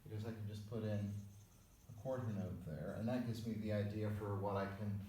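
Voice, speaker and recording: A man's voice: lowish voice, fairly even intonation, a little fast, dark tone. A man teaching music theory in a recorded lecture, explaining methodically step by step as he writes out notation. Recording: echoey room with faint background noise.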